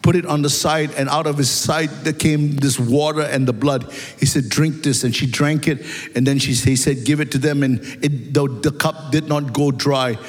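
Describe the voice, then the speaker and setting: A man preaching a sermon in an animated way, asking the congregation rhetorical questions and building up emphasis. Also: on the high side, moderate pace. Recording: long hall reverb.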